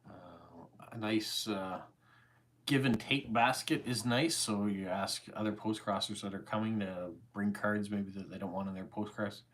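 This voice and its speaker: A man in his forties with a Canadian accent, chatting calmly and easily with viewers during a live stream. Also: on the low side. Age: 40s. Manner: calm, easygoing, unhurried. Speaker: YouTube host. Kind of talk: casual livestream chat answering viewer comments.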